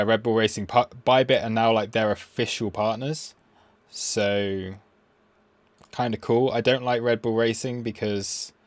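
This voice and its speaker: A man hosting a trading livestream, rambling and thinking out loud as he walks through charts in a casual, self-deprecating way. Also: on the low side, dry recording.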